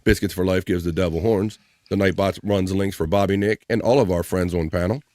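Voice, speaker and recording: Man, live-stream host, lowish voice, playful chat, dry close sound. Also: fairly even intonation, brisk, no echo. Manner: playful, jokey, shouting out viewers by name. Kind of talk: casual live-stream chat, reading viewer comments.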